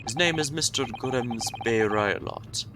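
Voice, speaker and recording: A man's voice: medium pitch, a little slow, close to an everyday voice. A man voicing a stern, suspicious male sailor guard who speaks in broken, clipped English with a mock Russian accent, over a noisy background hiss. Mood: dismissive.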